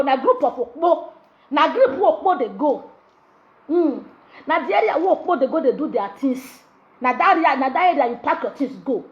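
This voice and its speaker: A woman's voice: high voice, animated, brisk, dull audio. A woman with a Nigerian Pidgin accent hosting a gossip show, talking in a brash, mocking way and switching languages. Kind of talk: animated gossip commentary.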